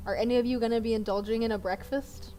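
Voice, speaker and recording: A woman's voice: a little high, fairly even intonation, quick pace, warm tone, faint music behind, poor audio. A woman running a tabletop game, narrating casually with lots of fillers. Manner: chatty, full of fillers. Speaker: game master.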